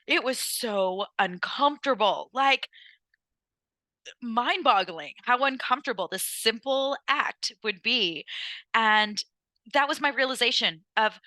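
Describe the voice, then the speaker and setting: A young adult woman hosts a personal podcast in a casual, unfiltered monologue, peppered with fillers and swearing. Her voice sits a little high with a bright, forward tone. The recording is dry and close. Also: no echo, poor audio. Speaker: podcast host.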